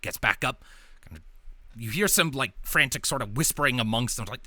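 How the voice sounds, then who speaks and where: Lively, bright-voiced man running a game. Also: medium pitch, moderate pace, no echo. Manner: descriptive, meandering narration with fillers. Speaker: game master. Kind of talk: narrating a tabletop game.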